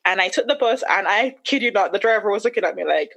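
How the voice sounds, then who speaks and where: A woman's voice: brisk, few pauses. Candid woman recounting a painful story. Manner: candid, acts out her own past words with sharp rises in pitch. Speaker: podcast guest. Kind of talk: personal storytelling.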